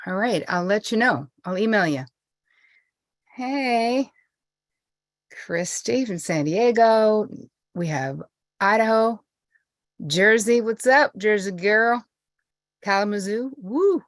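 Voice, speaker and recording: A woman's voice: mid-range voice, lively intonation, slow pace, pauses often, dry recording, studio quality. A middle-aged woman hosting a live stream, chatty and bubbly as she greets viewers by name before a meditation. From United States. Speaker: host and therapist. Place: indoors at home.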